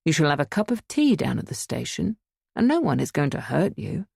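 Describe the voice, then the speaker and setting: Lady putting on a smug calm cop, low husky tone, soothing and talking down. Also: brisk, no room sound, studio quality, heavily acted. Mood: patronizing. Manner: soothing, condescending. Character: patient, patronizing male police constable.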